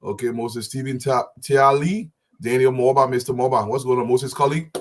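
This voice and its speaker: Man casually shouting out viewers. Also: mid-range voice, fairly even intonation, normal speed. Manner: casual, calls out viewers' names with friendly slang. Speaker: show co-host. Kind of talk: live show greetings.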